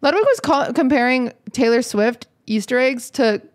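A woman's voice: sits high, normal speed. Teasing, giggly woman podcast host. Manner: teasing, laughs often, rambling restarts. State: a little out of it. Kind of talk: casual chat. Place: studio, seated beside the co-host.

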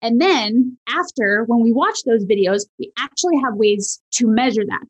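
A woman guest on a podcast, talking casually and animatedly about voice and charisma, swooping high at times to demonstrate. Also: moderate pace, dull audio. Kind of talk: casual interview chat.

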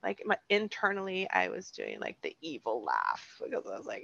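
A woman's voice: deep voice, wildly swooping pitch, normal speed, creaky, hardly any pauses, fairly bright tone, highs cut off. A middle-aged woman hosting a solo podcast, telling personal stories in a candid, self-deprecating way. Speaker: podcast host.

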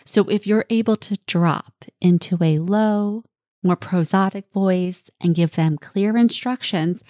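A woman's voice: mid-range voice, no room sound, clean studio sound. A woman hosting a parenting podcast, giving direct and earnest coaching advice to other parents. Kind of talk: advice monologue.

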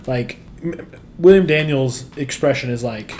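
A man co-hosting a casual chat that recaps a TV episode, animated and quick to laugh, acting out the characters' lines. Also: medium pitch, a little hiss or hum. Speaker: podcast co-host.

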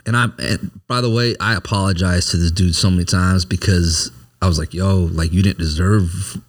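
A man's voice: low-pitched, fairly even intonation, normal speed. A man candidly telling a personal story in casual, profane conversation, often asking "you know what I mean". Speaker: service member telling his story.

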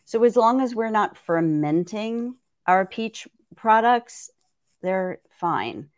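A woman herbalist appears as a guest in a conversational podcast interview, explaining things thoughtfully and often checking in with "right?". Her mid-range voice is animated but slow, recorded in studio quality with no room sound.

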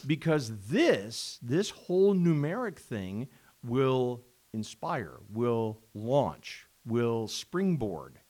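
A man co-hosting a podcast in casual chat, animated, exclaiming often and bursting into laughter. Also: mid-range voice, drawn-out words. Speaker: podcast co-host.

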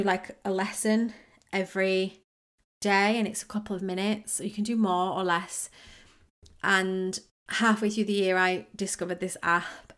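A woman's voice: mid-range voice, fairly bright tone. Chatty woman hosting a podcast. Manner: chatty, rambling, self-mocking, with laughs. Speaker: podcast host. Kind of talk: casual solo podcast talk on manifesting.

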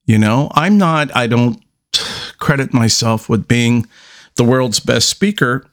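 A man hosting a solo podcast, talking unscripted, halting and restarting, with long deliberate pauses between statements. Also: mid-range voice, expressive, fairly bright tone. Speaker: podcast host.

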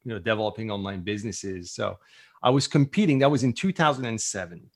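A middle-aged man with a fairly low voice speaks quickly as a guest entrepreneur in a casual conversational interview. He's enthusiastic and rambling, filling his talk with lots of "like."

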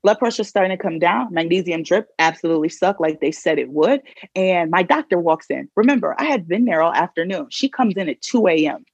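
A woman guest on a podcast, telling a personal story with vivid, animated retelling, recorded a little dull and lo-fi. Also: fairly low pitch, a little fast, vocal fry, husky, no room sound.

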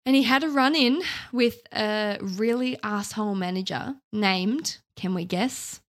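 A woman's voice: mid-range voice, measured pace. A young woman, a podcast co-host, telling a story in casual chat; she is chatty, swears casually and laughs as she talks.

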